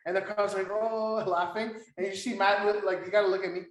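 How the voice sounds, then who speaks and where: Excitable young man, echoey room. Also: sits high, brisk, hardly any pauses. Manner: excitable, swears, retells backstage segments. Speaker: podcast co-host. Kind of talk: casual wrestling chat.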